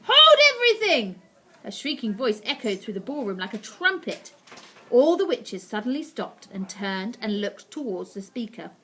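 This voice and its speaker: A woman teacher reading a children's story aloud, expressive and animated. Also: mid-range voice, moderate pace, husky.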